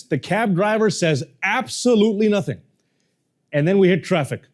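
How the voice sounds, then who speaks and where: A man telling a story from the stage as a speaking coach, his voice rising and falling a lot and sitting a little high. He acts out the people he quotes with quick shifts of tone. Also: a little mellow. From moved to Canada as a young adult. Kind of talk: storytelling talk to a live audience.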